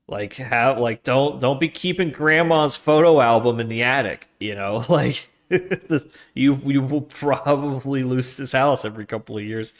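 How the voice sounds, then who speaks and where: A man streaming himself coding a trading tool, chatting loosely with slang and laughs, then muttering quietly to himself as he works. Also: mid-range voice. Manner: slangy, with laughs between phrases. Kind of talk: casual live-coding chat.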